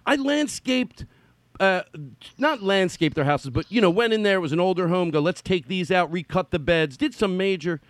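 A man with a high, lively voice swings up and down as he tells stories with energy and acts out what people said. The sound is close and dry, with no room around it. He is a middle-aged host in a casual chat. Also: moderate pace, no room sound. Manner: animated storyteller, acts out quotes. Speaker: podcast host.

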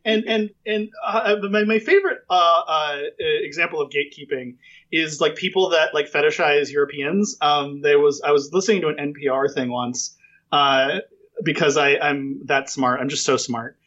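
A man's voice: fairly high pitch, normal speed, a bit bright, muffled recording. A man hosting a casual podcast interview, telling jokey, rambling stories full of fillers.

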